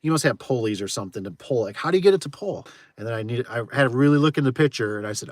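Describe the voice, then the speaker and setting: A man's voice: mid-range voice, lively intonation, rapid-fire, few pauses, no room sound. A man who runs a garage door repair business, chatting casually with viewers on a livestream, laughing often and tossing in frequent exclamations.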